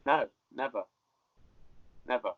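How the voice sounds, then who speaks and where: A man who is a mixed martial arts fighter, chatting as an interview guest over a video call, relaxed, swearing casually and repeating his words. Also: takes it slowly, narrow, tinny audio.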